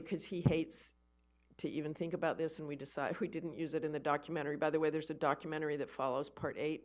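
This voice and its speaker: Animated woman telling war stories. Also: low voice. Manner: animated, repeats words at the start of thoughts. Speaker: guest lecturer, war correspondent. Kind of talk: conversational lecture with storytelling. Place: lecture event for an army association.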